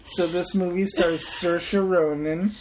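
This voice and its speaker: A woman's voice: on the low side, fairly even intonation, slow, background noise. A woman co-hosting a casual movie podcast, sarcastic and sweary, laughing often and feeling a bit unwell. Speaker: podcast co-host. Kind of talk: casual movie review chat.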